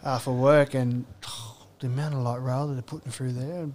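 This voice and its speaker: A man's voice: medium pitch, flat delivery, brisk, a little mellow. An Australian man hosting a sports radio show, trading loose, jokey banter in casual chat. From western Sydney, Australia. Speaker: radio host.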